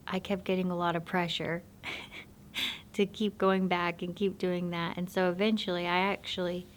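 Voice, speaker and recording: A woman telling her personal faith testimony in a soft-spoken, halting, reflective way. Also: on the low side, slight background noise.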